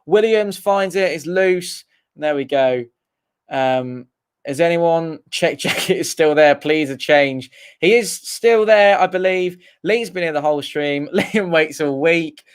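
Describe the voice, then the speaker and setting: A young man with a high voice calls the match for viewers of a fan stream. He chats with the audience between bursts of partisan excitement. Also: unhurried, clear, resonant tone. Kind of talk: live fan commentary with chat.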